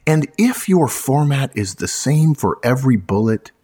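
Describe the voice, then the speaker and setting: Emphatic husky-voiced man. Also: mid-range voice, expressive, normal speed, a little mellow. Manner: emphatic, punchy, repeats points for effect; addresses listeners as folks. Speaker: recruiter giving resume advice. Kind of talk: emphatic advice talk.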